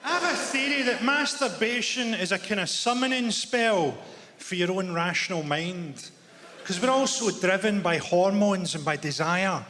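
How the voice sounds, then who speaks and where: A man's voice: high voice, lively intonation, normal speed, sharp tone. A male stand-up comedian telling stories on a theatre stage in a dry, conversational way. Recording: theatre reverb, faint noise.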